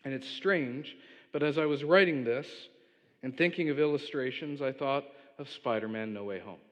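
Conversational preacher in a reverberant hall. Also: male voice, mid-range voice, normal speed, highs cut off. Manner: conversational preaching with asides and chuckles. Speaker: pastor. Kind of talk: sermon. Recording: long reverb of a large hall.

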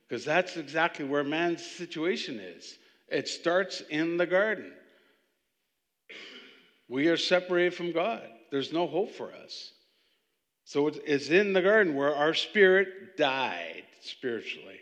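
A man teaching from the Bible in a conversational, animated way, often restarting his sentences. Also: a little high, a little slow, big-room sound. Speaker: preacher.

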